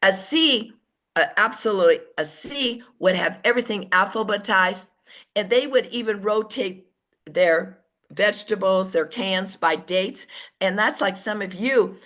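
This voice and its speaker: Woman team trainer on a call, middle pitch, lively storyteller. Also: unhurried. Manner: lively storyteller who acts out quoted voices. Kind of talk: motivational team training talk. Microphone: online call.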